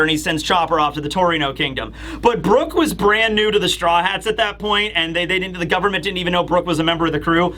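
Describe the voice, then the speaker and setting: A man casually reviewing a manga chapter, animated and acting out scenes with voices. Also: a little high, fairly quick, few pauses. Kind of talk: casual video commentary.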